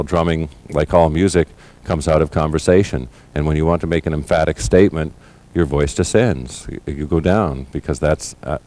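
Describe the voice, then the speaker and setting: A middle-aged man in a recording studio, explaining drum fills in a measured, thoughtful way. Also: a bass voice, a little mellow. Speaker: drummer giving a lesson. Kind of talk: instructional explanation.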